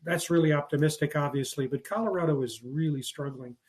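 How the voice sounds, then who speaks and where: A man's voice: fairly high pitch, a little fast, a little mellow. A man hosting a sports talk show, chatting in a rambling, jokey way with many fillers and restarts. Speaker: podcast host.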